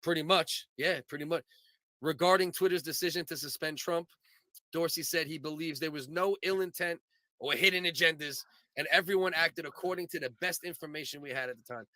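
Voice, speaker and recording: A podcast host rambles through his opinions, swearing freely. His voice is a touch high and bright and forceful. The sound is dry and close. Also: fairly quick, no echo. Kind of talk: casual comedy podcast chat.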